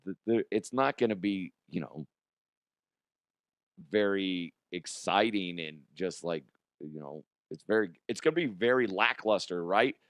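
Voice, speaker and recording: A man hosting a casual comedic news show, his voice hoarse and strained, joking crudely and laughing often. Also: sits low, expressive, measured pace, fairly bright tone, dry recording, clean studio sound. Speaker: podcast host.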